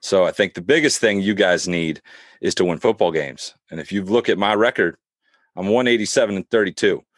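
Man doing a cocky bragging football coach, deep voice, dry close sound. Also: fairly quick, no echo. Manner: swaggering, cocky boasts. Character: brash boastful male football coach candidate. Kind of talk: comedic mock job interview.

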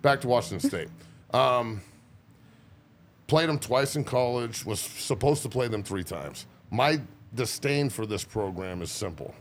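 A man's voice: mid-range voice, animated, measured pace, a little hiss or hum. A man in his forties, a former football player guesting on a podcast, telling boisterous, profane stories with lots of laughter. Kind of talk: casual chat.

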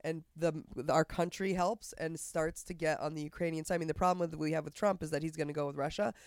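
A man co-hosting a podcast, chatting casually and profanely about politics in a rambling, animated way. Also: a little high, quick pace, clean tone, no room sound, clean studio sound. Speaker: podcast co-host.

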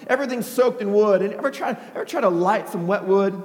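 A man preaching a sermon, retelling a Bible story in a lively way with frequent "right?" asides and a hush for quoted lines. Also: sits high, fast talker, hardly any pauses. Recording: echoey hall with long reverb.

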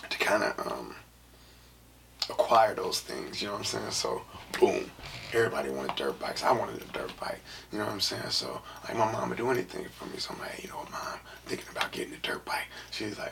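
A man's voice: fairly low pitch, lively intonation, fairly quick, gravelly, pushed and bright. A young man from San Francisco telling a rambling personal story in casual talk, full of filler phrases and half-whispered asides. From San Francisco, USA.

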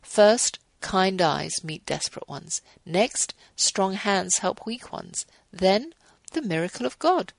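A woman in her fifties hosting a radio show, reading a passage aloud and giving earnest, gently devotional closing remarks. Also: mid-range voice, animated, slow pace, gravelly, dry recording, poor audio.

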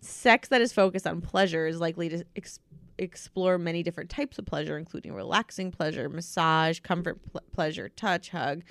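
A woman's voice: fairly low pitch, fairly quick, dry recording. A young woman co-hosting a podcast in casual chat, teasing and giggly, reading out fun facts. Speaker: podcast co-host.

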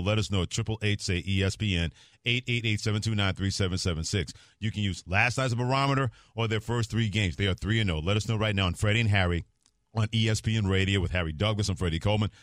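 A man co-hosting a sports talk radio show in a studio, talking in a jokey, quick patter. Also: on the low side, dry recording.

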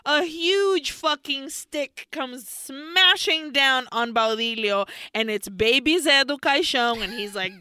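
A woman with a high voice co-hosts a podcast, animatedly recapping a film plot in a casual way, full of swearing with bits of Spanish slipped in. She talks slowly with hardly any pauses, and there is no room sound.

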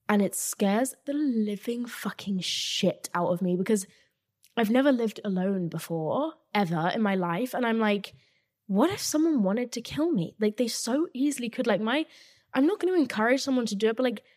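A woman, hosting a casual solo podcast from her flat, talking fast and loosely with lots of filler and swearing. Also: medium pitch. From England. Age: 20s. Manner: chatty and animated, swears freely, many "like" fillers. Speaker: podcast host. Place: her new flat, indoors.

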